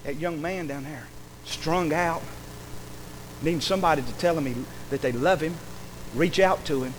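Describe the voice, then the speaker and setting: A man's voice: on the high side, normal speed, a little hiss or hum, low-quality recording. A man, a pastor, preaching a sermon emphatically, acting out quoted speech and calling for amens.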